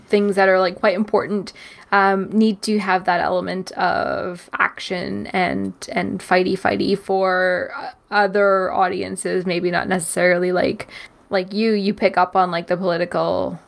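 A young woman co-hosting a podcast in casual chat, quick and upbeat with lots of fillers like "like" and "um". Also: on the low side, flat delivery, gravelly. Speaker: podcast co-host.

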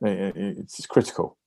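Lively English former rugby player. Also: male voice, fairly low pitch, vocal fry, slightly rough, dry recording, studio quality. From England. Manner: animated, anecdotal, frequent fillers and restarts. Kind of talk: casual interview storytelling.

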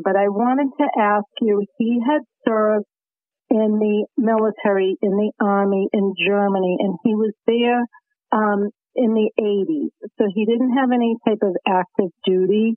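A woman's voice: mid-range voice, no room sound. A woman with a Boston accent calling in to a radio show, talking eagerly and earnestly. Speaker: caller. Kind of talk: call-in radio chat. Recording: phone line.

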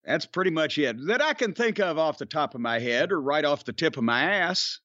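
A man co-hosting a podcast in profane, gruff, sarcastic casual chat. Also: fairly high pitch, lively intonation, a little fast, sharp tone, dry recording, highs cut off. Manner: gruff, sarcastic, bursts into mock singing. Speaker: podcast co-host.

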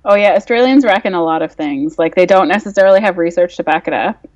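A woman's voice: lowish voice, fast, darkish tone, dull audio. A woman in her thirties from Northern Ireland with a mixed Northern Irish accent, chatting as a podcast guest, laughing often and using lots of fillers. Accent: Northern Irish, mixed with English and Canadian. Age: 30s. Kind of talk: casual podcast chat.

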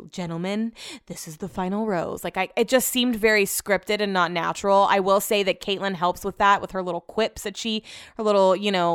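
Young woman podcaster, opinionated and snarky, smooth clear voice, dry close sound. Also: medium pitch, no echo. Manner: chatty, opinionated, sarcastic asides. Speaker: podcast host. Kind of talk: casual chat recap.

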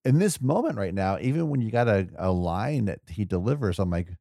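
A man's voice: on the low side, big pitch swings, brisk, creaky, warm tone, dry recording, studio quality. A man co-hosting a podcast, chatting casually about a movie, rambling and restarting his thoughts. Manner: rambling, restarts mid-thought, laughs often. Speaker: podcast co-host.

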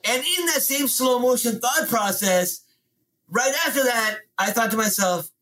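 A man's voice: very high-pitched, unhurried, bright, forceful tone, poor audio. A man telling a dramatic story as an interview guest, with emphatic comic timing.

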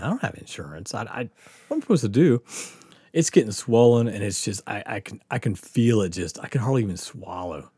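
Husky-voiced man telling a wild story. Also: on the low side, no echo, studio quality. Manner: animated, profane, laughing through his story. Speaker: comedy podcast host. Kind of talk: casual storytelling chat.

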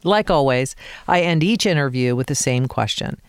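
A woman from Colorado hosting a podcast, reading a scripted season wrap-up in a measured, appreciative way. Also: rumbling low, expressive, clean tone, no echo, studio quality. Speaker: podcast host.

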